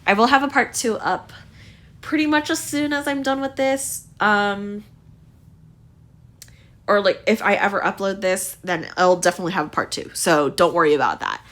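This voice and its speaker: Young woman, casual rambling game commentary, slightly tired voice, mid pitch. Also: moderate pace, fairly bright tone. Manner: chatty, rambling, lots of likes and ums. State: voice tiring, slightly strained. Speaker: gaming video creator.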